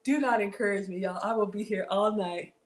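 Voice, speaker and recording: A woman's voice: mid-range voice, fairly quick. A woman hosting a live cooking stream from her home kitchen, chatting straight to her viewers and reading out their comments. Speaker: cooking channel host.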